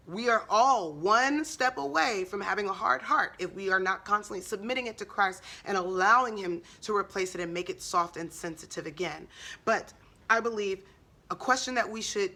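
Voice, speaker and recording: A woman's voice: medium pitch, sharp tone. A woman giving an earnest Christian encouragement talk, preacherly, full of rhetorical questions. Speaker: Christian speaker.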